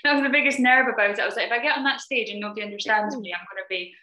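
A Scottish woman from Scotland, a podcast guest, chatting quickly and laughing easily. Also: medium pitch, pushed and bright, reverberant. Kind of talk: casual podcast chat.

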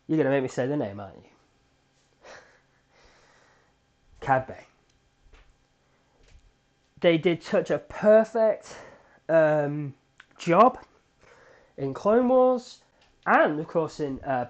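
A man hosting a solo fan podcast, recapping a TV episode in an excitable, animated storytelling way with frequent restarts. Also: a little high, slow, pauses often. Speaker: podcast host.

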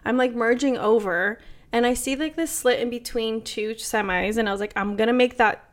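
Podcast co-host, twenties, woman, fairly high-pitched, animated, swears a lot. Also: moderate pace. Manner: animated storytelling, heavy swearing and fillers. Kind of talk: casual chat.

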